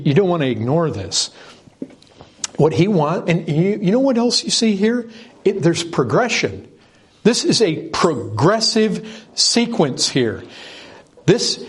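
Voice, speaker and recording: A man preaching with a husky, slightly breathy voice pitched a little higher than most men. He speaks earnestly and with emphasis, often repeating words to drive a point home. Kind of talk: sermon.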